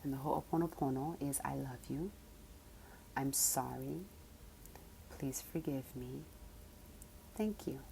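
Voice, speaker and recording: Woman coach, low mellow voice, animated storytelling with soft whispered asides, faint noise behind. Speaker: spiritual coach. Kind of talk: casual monologue.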